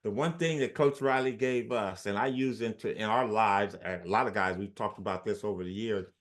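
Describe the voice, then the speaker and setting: A man's voice: lowish voice, moderate pace. A man in his sixties, a former athlete, telling stories in an interview and acting out the quotes of the people in them. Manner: animated storyteller, acts out quotes. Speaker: former basketball player, guest. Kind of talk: storytelling in an interview.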